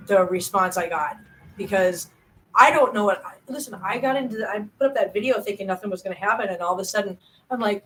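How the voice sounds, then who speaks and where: A woman's voice: medium pitch, poor audio. A woman, chatting casually with viewers on her livestream, rambling and self-deprecating. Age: 40s. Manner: animated, rambling, self-deprecating, quick bursts. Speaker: channel host. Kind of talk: casual livestream chat reading comments.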